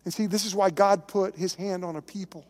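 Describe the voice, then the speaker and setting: A man's voice: high voice, steady tone, brisk, a little mellow, long reverb tail. A man, a pastor, preaching a sermon in a conversational, emphatic way and telling stories.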